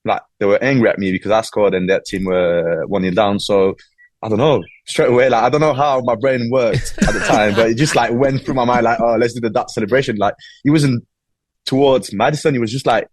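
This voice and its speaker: A footballer with an English accent, chatting casually and loosely, with lots of "like"s. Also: male voice, medium pitch, brisk, dry recording. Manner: relaxed, rambling with many "like"s. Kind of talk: casual interview.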